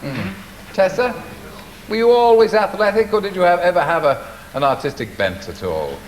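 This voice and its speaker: Playful lively male telethon host. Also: high-pitched, moderate pace, a little hiss or hum. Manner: playful, mock-posh teasing. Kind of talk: teasing live telethon banter. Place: television studio.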